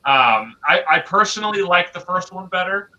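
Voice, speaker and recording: A man's voice: high voice, lively intonation, moderate pace, pushed and bright. A man co-hosting a podcast, chatting casually about movies with many fillers and hesitations. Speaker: podcast co-host. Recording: lo-fi dull recording.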